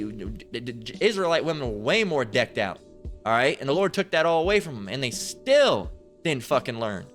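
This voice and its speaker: A man preaching over a Bible passage in a crude, profane rant. He stammers, restarts often and keeps asking "right?". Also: on the high side. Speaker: street preacher.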